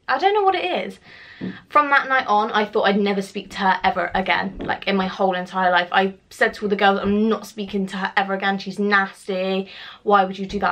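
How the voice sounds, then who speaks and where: A woman's voice: medium pitch, a bit bright. A young woman chats through a personal story for her vlog. She talks casually to the camera at home, swears freely and acts out the lines of the people in it. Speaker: vlogger.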